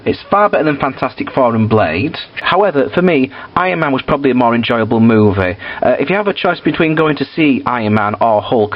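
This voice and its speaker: A man's voice: medium pitch, lo-fi sound. A man reviewing films in a casual, blunt and sweary way, with frequent fillers. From United Kingdom. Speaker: film reviewer.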